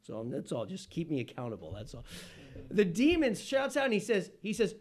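Pastor guy preaching, lots of questions to the room, goes big then drops real quiet. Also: high voice, big pitch swings, a little fast. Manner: emphatic, swinging between loud exclamations and hushed asides; rhetorical questions to the congregation. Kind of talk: sermon.

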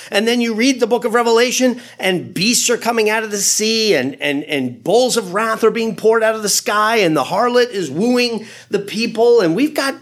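Male pastor, sermon, animated conversational preaching, husky voice, lively pitch.

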